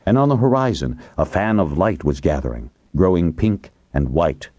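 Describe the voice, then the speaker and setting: Deep, dark-voiced male audiobook narrator. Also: animated, moderate pace, husky, dry recording, dull audio.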